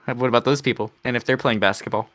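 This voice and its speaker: A man hosting a casual group podcast, relaxed and leading the discussion. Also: medium pitch, fast. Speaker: podcast host.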